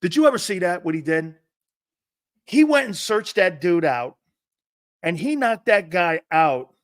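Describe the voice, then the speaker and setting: A man hosting a football talk show in a brash, loud, profane and mocking monologue. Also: high voice, big pitch swings, a little slow, no room sound, clean studio sound. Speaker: sports talk show host.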